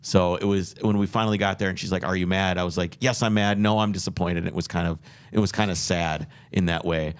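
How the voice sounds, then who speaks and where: A man's voice: low-pitched, little pitch movement, quick pace, smooth. A man on a podcast telling a long road trip story, rambling and earnest with many restarts. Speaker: podcast host. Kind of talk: casual podcast chat.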